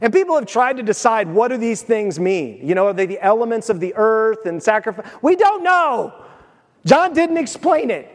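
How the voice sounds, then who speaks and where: Excitable high-voiced preacher in a hall. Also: male voice, normal speed. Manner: animated, excitable preaching with sudden swings in loudness. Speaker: pastor. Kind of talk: sermon. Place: church sanctuary. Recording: long reverb of a church hall.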